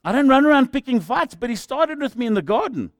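Lively South African preacher, animated. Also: male voice, extremely high pitch, quick pace. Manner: animated and jokey, acts out the people in his stories. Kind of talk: storytelling sermon.

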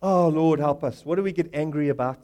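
High-voiced man preaching emphatically. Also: brisk. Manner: rising to loud emphatic call-and-response; acts out Bible characters in quoted voices. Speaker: pastor. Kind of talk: sermon.

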